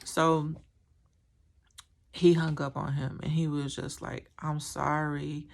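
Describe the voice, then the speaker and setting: A woman's voice: deep voice, little pitch movement, slow, creaky. A woman telling a painful personal story to camera, candid and rambling, with many fillers and a strained, emotional tone. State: emotional, recounting trauma.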